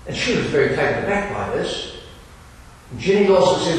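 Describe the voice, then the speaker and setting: A man with a fairly high voice tells a dramatic story, expressive and deliberate, pausing for effect. His voice comes from far off and rings around a large hall.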